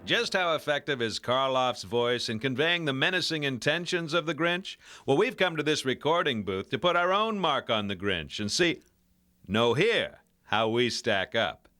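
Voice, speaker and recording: Lively male documentary host. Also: medium pitch, moderate pace. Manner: lively, playful. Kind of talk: scripted documentary narration.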